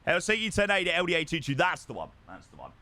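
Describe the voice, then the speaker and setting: His voice is fairly high and bright, forceful in tone, moving quickly with huge swings in pitch. He's a young man live-streaming a flight sim from home, chatting easily, greeting viewers, and reading and answering their chat messages.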